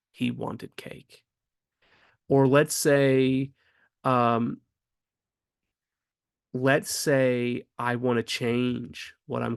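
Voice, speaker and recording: A man's voice: mid-range voice, gravelly, no room sound, studio quality. A man teaching grammar casually, thinking aloud with frequent ums and restarts. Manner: rhetorical questions asked with rising emphasis.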